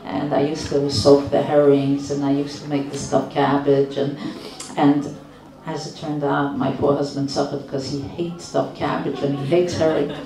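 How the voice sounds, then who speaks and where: An older woman, a rebbetzin, giving a storytelling talk in a slow, measured way with frequent restarts. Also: deep voice, flat delivery, dark tone. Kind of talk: storytelling lecture. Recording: roomy, distant mic.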